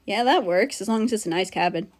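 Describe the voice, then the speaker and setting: A woman's voice: medium pitch, lively intonation, quick pace. A woman livestreaming while she draws, chatting casually with her viewers and laughing often. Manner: chatty, giggly, self-mocking. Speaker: livestreaming artist. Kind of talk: casual stream chat.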